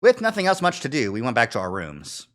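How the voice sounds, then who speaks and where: A man's voice: mid-range voice, wildly swooping pitch, brisk, a bit bright. A man streaming a video game, reading the narration aloud and making wry, joking asides. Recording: stream with faint game music.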